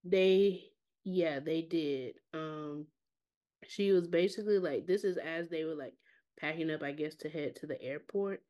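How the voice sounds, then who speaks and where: A woman's voice: sits low, measured pace, mellow. A woman co-hosting a podcast, casually recapping a reality show with dry, blunt remarks. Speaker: podcast co-host.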